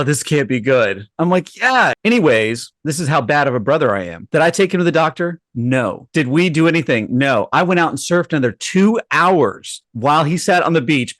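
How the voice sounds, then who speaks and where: A man in his thirties hosting a podcast, telling stories in casual chat and acting out what people said with sudden jumps in pitch. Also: animated, brisk, hardly any pauses, fairly bright tone, dry recording, studio quality. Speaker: podcast host.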